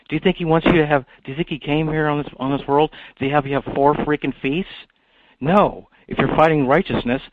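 A man delivering a rambling, repetitive monologue full of restarts and "okay?" tags, at times rising into loud preacher-like exhortation. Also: medium pitch, no echo. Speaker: monologue speaker. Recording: tinny phone-like dry recording.

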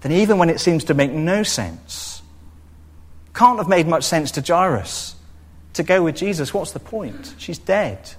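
A man preaching a sermon, expressive and storytelling, now and then acting out what people in the story say. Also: fairly high pitch, measured pace, husky. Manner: expressive, acts out quoted voices.

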